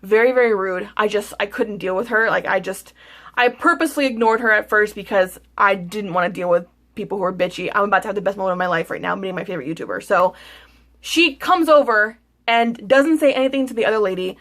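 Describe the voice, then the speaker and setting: A woman's voice: medium pitch, quick pace, fairly bright tone. Woman beauty vlogger, casual storytime rant; frustrated, rambling, swears often. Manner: venting, frustrated, swears freely; repeats words, rambling with restarts.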